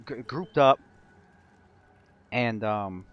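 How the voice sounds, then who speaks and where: A man's voice: medium pitch, extremely slow, no room sound, dull audio. A man narrating a tabletop game as game master, in a rambling way with many restarts. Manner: rambling, full of fillers and restarts.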